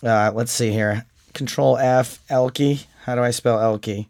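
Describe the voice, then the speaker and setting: A man's voice: medium pitch, fairly even intonation, measured pace, a little mellow, no echo, studio quality. A man in his forties co-hosting a podcast, chatting casually in a joking, rambling way and laughing at his own lines. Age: 40s. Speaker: podcast co-host. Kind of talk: casual chat.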